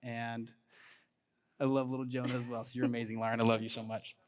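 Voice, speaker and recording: A man's voice: mid-range voice, fast. A man in his thirties giving a motivational talk on stage, telling a personal story and hyping up the crowd. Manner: storytelling, animated, hypes the crowd. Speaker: conference speaker. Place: large event hall on stage.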